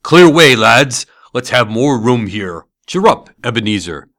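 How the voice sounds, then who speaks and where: A man voicing a fat, jovial old merchant who calls out in a rich, hearty, booming voice. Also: wildly swooping pitch, a little slow, no echo, studio quality, full character voice.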